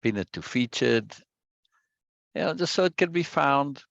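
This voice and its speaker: Male study-group host, low gravelly voice, dry dull lo-fi sound, chatty and repetitive greeter. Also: expressive, measured pace, a bit bright, no room sound. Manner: repeats phrases, greets viewers one by one. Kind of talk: casual livestream chat before a reading session.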